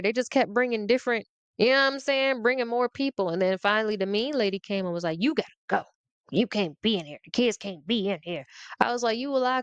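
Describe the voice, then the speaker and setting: A young adult woman telling a comic story as a podcast host, animated and acting out the voices, laughing often. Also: mid-range voice, clear, resonant tone, no room sound. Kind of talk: comedic storytelling rant.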